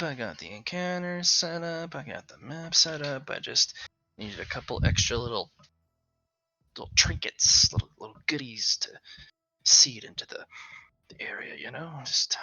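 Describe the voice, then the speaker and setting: Man, game master, casual chat, gravelly, very bright, dry sound, mutters and hums to himself. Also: a little high, lively intonation, moderate pace, no room sound. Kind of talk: casual chat while setting up a tabletop game.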